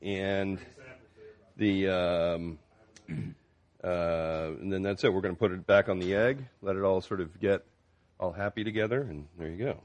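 Low-voiced laid-back chef man. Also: unhurried, long pauses. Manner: laid-back, explains cooking steps with fillers. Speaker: chef and radio co-host. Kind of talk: casual radio banter.

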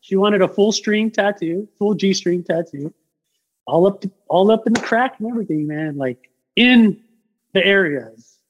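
A man who works as a tattoo artist, chatting casually as a podcast guest and telling stories in a rambling, animated way with lots of fillers. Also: high-pitched, moderate pace, lo-fi sound. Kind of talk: casual podcast chat, storytelling.

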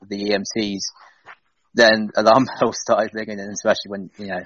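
Low-voiced guy on a podcast, real enthusiastic, dull dry lo-fi audio. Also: level tone, normal speed, a bit bright. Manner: enthusiastic, building energy, laughs easily. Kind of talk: casual retro wrestling podcast chat.

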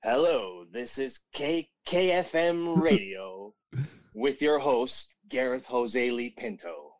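A man's voice: mid-range voice, expressive, slow, darkish tone, dry recording. A man doing a mock radio announcer introduction in a put-on broadcaster voice, over a dull muffled mic.

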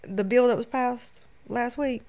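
A woman with a Louisiana Southern accent, an emphatic, animated storyteller talking as a podcast guest. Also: fairly high pitch, measured pace. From Shreveport, Louisiana, US. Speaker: guest, photographer. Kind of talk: casual podcast conversation.

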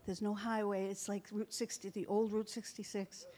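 A woman's voice: mid-range voice, level tone, moderate pace, mellow. A middle-aged woman pastor preaching a sermon, telling stories in a chatty way and laughing often.

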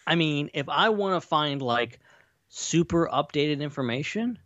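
A man's voice: a little high, animated, measured pace, a bit bright, no room sound. Podcast co-host, male, rambly and speculative, dry close mic, a bit lo-fi. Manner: rambling, speculative, lots of fillers. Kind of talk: casual chat.

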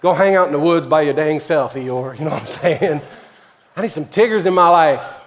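A man preaching a lively sermon as a pastor, swinging between shouted encouragement and quiet, folksy asides full of slang. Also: moderate pace. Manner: fiery, high-energy preaching with big swings in loudness and pitch. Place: church sanctuary, with a keyboard playing behind.

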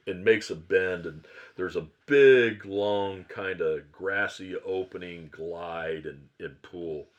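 A man's voice: low-pitched, fairly bright tone. A man who owns a fly shop, a podcast guest telling a long fishing story in a rambling way, often correcting himself.

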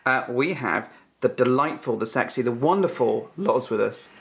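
A man's voice: medium pitch, lively intonation, normal speed, a bit bright. Teasing man hosting a podcast. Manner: teasing, jokey banter. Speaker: podcast co-host. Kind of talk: casual podcast chat.

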